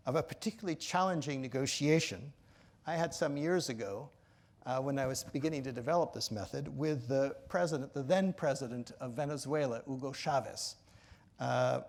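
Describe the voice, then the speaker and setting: A man in his sixties delivers a storytelling lecture with a gravelly edge to his voice. He speaks earnestly and reflectively, often restarting sentences as he searches for the right words. His voice sits slightly higher than most men's. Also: darkish tone. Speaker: author giving a talk.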